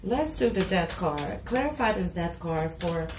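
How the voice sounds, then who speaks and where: A woman's voice: lowish voice, unhurried. A woman giving a casual tarot reading to camera, talking bluntly and with plenty of swearing, often saying "you know". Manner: blunt, profane and talkative, with repeated "you know". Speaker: tarot reader. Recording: echoey room with steady noise.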